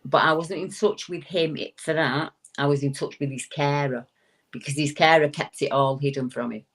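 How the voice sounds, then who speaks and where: Animated woman telling a story. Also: normal speed. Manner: animated storyteller, swooping into high quoted voices, frequent restarts. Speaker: guest paranormal investigator. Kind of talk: casual storytelling on a talk show.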